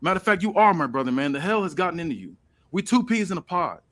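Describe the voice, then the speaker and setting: A man's voice: high voice, animated, fast, a bit bright, voice pushed up. A man doing a pleading hurt wrestler twin.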